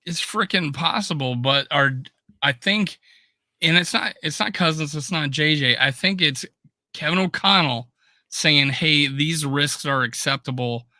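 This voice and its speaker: Bright, animated man talking sports. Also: on the high side, measured pace, dry recording, studio quality. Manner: animated, swears often. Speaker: podcast co-host. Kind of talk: casual sports chat.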